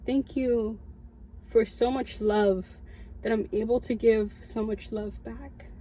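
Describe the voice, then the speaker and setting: A woman's voice: a little high, steady tone, takes it slowly, warm tone, a little hiss or hum, low-quality recording. A young woman, a student chaplain, sharing a heartfelt personal testimony, emotional and near tears, speaking from her car. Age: young adult. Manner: heartfelt, tearful, laughing. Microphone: camera in a car.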